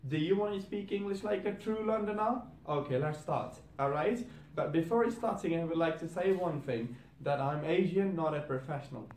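A man with a fairly high voice hosts an accent tutorial. He says each example word twice and checks in with "all right?" after every point. He is recorded in a room with a noticeable echo. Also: a little mellow. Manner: explains, then repeats example words twice, often asks "all right?". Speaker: host. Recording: echoey room.

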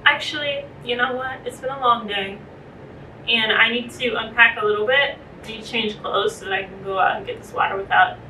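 Young woman, travel vlogger, chatty, playful, slightly high voice, hotel room, faint background hiss. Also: low-quality recording. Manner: chatty and animated, playful asides. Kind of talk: casual vlog chat.

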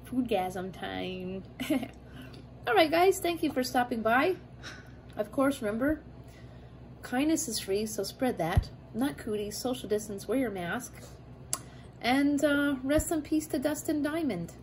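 A woman's voice: high voice, measured pace, low-quality recording. A woman in her thirties chatting casually while she cooks and eats at home, playful and chatty, tossing in cutesy rhyming made-up words. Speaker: cooking vlogger. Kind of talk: casual cooking chat and eating. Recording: steady background noise in a home kitchen.

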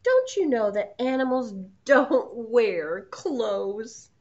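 A woman's voice: on the high side, very animated, takes it slowly, darkish tone, a little hiss or hum, heavily acted. A woman voicing a farm girl who fondly teases a hedgehog in a storybook. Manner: fond, teasing. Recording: muffled lo-fi sound.

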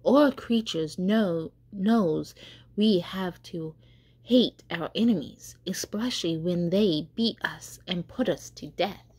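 A woman's voice: lowish voice, slow, darkish tone, breathy edge, full character voice. A woman voicing a proud young male tree, anxious and pleading as he wonders aloud in a storybook. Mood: agitated.

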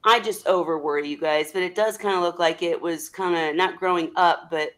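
A woman hosting a casual video call chat, talking in a chatty, rambling, animated way. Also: on the low side, brisk. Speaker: host.

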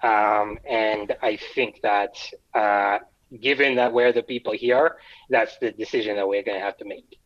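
Slow, deliberate man in a tabletop game. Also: fairly low pitch, fairly even intonation, dull audio. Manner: deliberate, hesitant with fillers. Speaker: player. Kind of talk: in-character play in a tabletop game.

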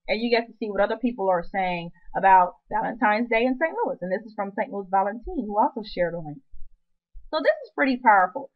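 Woman, web marketing tutorial host, chatty, upbeat, playful asides, mid pitch, muffled lo-fi sound. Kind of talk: screen-recorded tutorial walkthrough.

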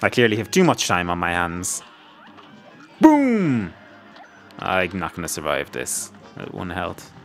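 A man's voice: low voice, animated, normal speed, hardly any pauses, a bit bright, faint music behind. A man hosting a let's play, rambling and joking to himself as he plays. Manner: jokey rambling banter, talks to himself. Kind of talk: gameplay commentary.

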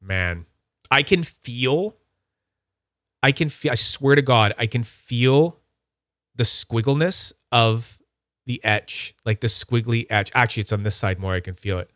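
A livestream host rambles enthusiastically about his collection in a casual stream, slipping into high, silly voices when quoting people. He speaks at a measured pace with a fairly bright tone. The studio sound is clean, with no room noise.

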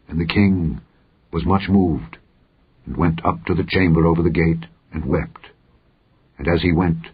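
A man reading scripture in a measured, dignified manner, in a dull, lo-fi recording. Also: low-pitched, husky. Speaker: Bible reader.

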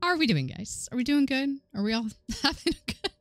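A young woman giving excitable, swearing let's-play commentary on a horror game, laughing often and chatting with her viewers. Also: sits high, brisk, no room sound. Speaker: gaming streamer.

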